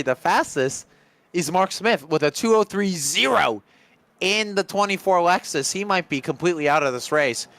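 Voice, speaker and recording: A man giving live commentary on a sim race, chatty and getting excited in close battles. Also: on the high side. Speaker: lead commentator.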